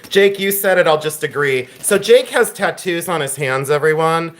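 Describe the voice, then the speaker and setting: A man's voice: on the high side, a little slow, a bit bright. Chatty man running a live sale. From Ohio. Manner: chatty, teasing banter with viewers. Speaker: live auction seller. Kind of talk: live-stream sales auction.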